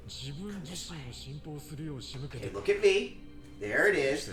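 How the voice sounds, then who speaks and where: A man chatting casually on a charity stream, telling stories in an excitable, rambling way. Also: on the high side, measured pace, pauses often. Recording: roomy, distant mic with music behind.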